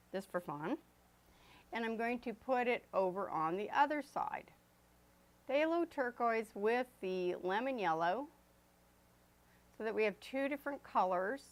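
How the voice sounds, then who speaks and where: A woman teaching an oil painting lesson as she paints, chatty and loose, with fillers and self-corrections. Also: mid-range voice. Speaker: art instructor. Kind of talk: painting demonstration.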